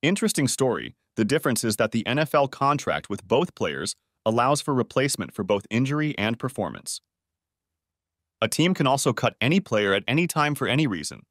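Bitter, sarcastic betrayed husband, read by a man, expressive ups and downs. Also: medium pitch, a little fast, no echo, studio quality. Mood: weary.

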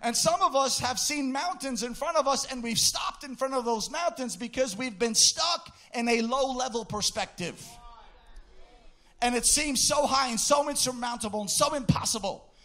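A man preaching a sermon in an impassioned way, bursting into shouts and sing-song phrases. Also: very high-pitched, expressive, normal speed.

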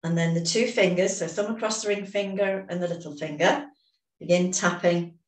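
A woman leading a guided emotional tapping session, giving calm step-by-step instructions and phrases to repeat. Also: fairly low pitch, moderate pace. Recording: echoey room, distant mic.

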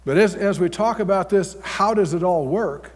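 A man's voice: sits high, moderate pace. A man pastor preaching a sermon in a folksy, blunt manner. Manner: folksy, blunt preaching with sudden loud outbursts. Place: large church hall. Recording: long reverb of a church hall.

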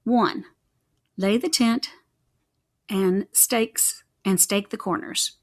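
A young adult woman reading a children's chapter book aloud in an expressive, rhythmic way. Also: medium pitch, takes it slowly. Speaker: reader.

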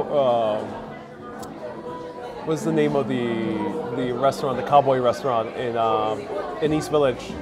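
Crowd chatter surrounds a mid-range-voiced American travel vlogger live-streaming in a busy restaurant on a phone held at arm's length. Playful and chatty, he tastes food and drink and calls his viewers ladies and gentlemen in a casual stream.

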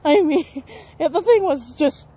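A woman's voice: high-pitched, lively intonation, slow pace, mellow. A young adult woman telling a personal story to camera, candid and rambling, often laughing and correcting herself. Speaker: vlogger.

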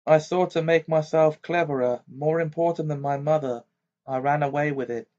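In an amateur audiobook, a man reads the lines of a proud, bitter female ghost with a stiff, clipped delivery. His voice is a little high with a darkish tone at normal speed, pitched above his own but close to everyday speech. The recording is dull and lo-fi.

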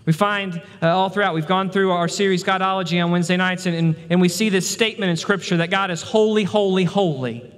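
A man's voice: high-pitched, fairly even intonation, a little fast, fairly bright tone, in a large hall. A male pastor preaching a sermon, emphatic and repeating words for stress. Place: church sanctuary.

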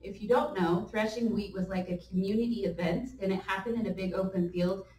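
A woman's voice: mid-range voice, a little fast, a little hiss or hum. Woman teaching in an echoey church. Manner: animated storytelling, laughing asides. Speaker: church speaker. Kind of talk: conversational sermon teaching. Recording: echoey room, mic at a distance.

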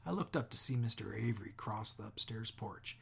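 A man reading a novel aloud as an audiobook, measured, often sinking to near whispers. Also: lowish voice, flat delivery, creaky, a bit bright, breathy edge. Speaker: audiobook reader. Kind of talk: audiobook narration.

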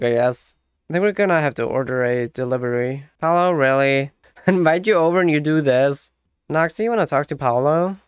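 A let's play host chats through a gameplay session, bossing the game characters around and laughing often. The voice is smooth and clean, captured dry and close on a home mic with no room sound. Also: medium pitch, no room sound. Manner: chatty, giving orders to game characters. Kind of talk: casual gameplay commentary.

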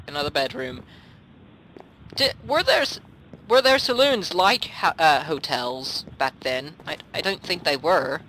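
A man chatting casually while playing a game, excitable and laughing often. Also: on the high side, a little slow, a little hiss or hum. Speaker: gamer, co-host. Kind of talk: casual let's play chat.

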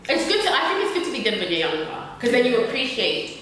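A woman's voice: on the high side, wildly swooping pitch, fast talker, a bit bright, distant mic, a little hiss or hum. Young British woman host, playful and giggly, recorded off mic in a very echoey room. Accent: British English. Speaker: vlog host. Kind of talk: casual chat.

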